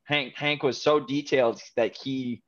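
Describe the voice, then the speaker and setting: A man's voice: medium pitch, steady tone, a little slow, fairly bright tone, dull audio. A man co-hosting a casual podcast, retelling a TV episode in a rambling way with many fillers and restarts. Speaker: podcast co-host. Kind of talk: casual chat recapping a TV episode.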